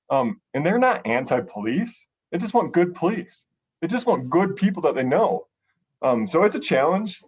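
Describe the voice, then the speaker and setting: A middle-aged American police sergeant telling a personal story in a podcast conversation, earnest and emotional, with frequent ums and restarts. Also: male voice, mid-range voice, husky. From United States.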